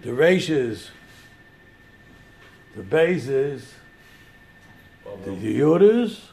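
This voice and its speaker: A Torah teacher gives an informal religious lecture, telling the story animatedly and acting out the quotes. His medium-pitched voice is gravelly and dark, with a sing-song delivery and drawn-out words.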